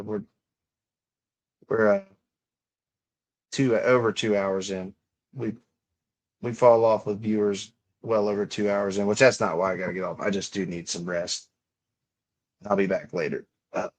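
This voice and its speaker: A young man hosting a livestream, chatting in a rambling, offhand way full of casual swearing. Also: fairly low pitch. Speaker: livestream host.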